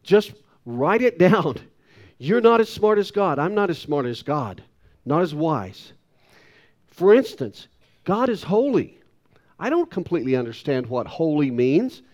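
A man in his sixties preaching a sermon, his fairly high voice swooping animatedly up and down. He leans hard on key words and pokes fun at himself as he goes. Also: sing-song, measured pace, darkish tone. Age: 60s. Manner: emphatic preaching with wide pitch swings, self-deprecating asides. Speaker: pastor.

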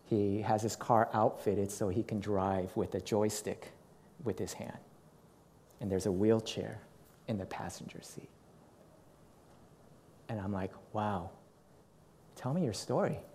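A middle-aged man preaching, telling a personal story in an animated way and acting out what people said. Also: lowish voice, a little slow, long pauses, slight background noise. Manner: animated storytelling with acted quotes. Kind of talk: sermon storytelling.

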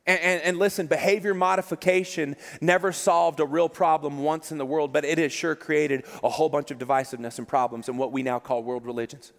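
A man preaching a sermon with fervor, often stacking repeated words as he pushes a point. His voice sits high for a man. Everything carries the long reverb of a large hall. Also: little pitch movement, fairly quick, hardly any pauses. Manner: impassioned, repeats words in rising emphasis. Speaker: pastor.

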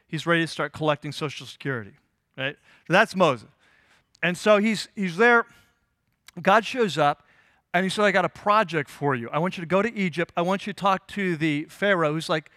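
High-voiced male pastor preaching. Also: a bit bright, no echo, studio quality. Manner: conversational, asks the congregation questions; voices biblical figures in quick asides. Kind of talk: sermon.

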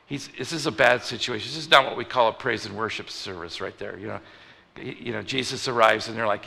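A male pastor preaching a conversational sermon, moving from loud emphatic lines to hushed ones. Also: medium pitch, brisk, vocal fry. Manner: conversational, animated, swings between loud and hushed. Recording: reverberant hall.

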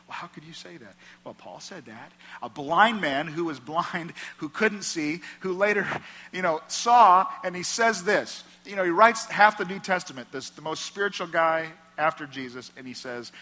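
Bright-voiced pastor preaching in a reverberant church. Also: male voice, a little high, normal speed. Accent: American Midwest. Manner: earnest, conversational preaching with emphatic repetition. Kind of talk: sermon. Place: church auditorium. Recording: long hall reverb from a church.

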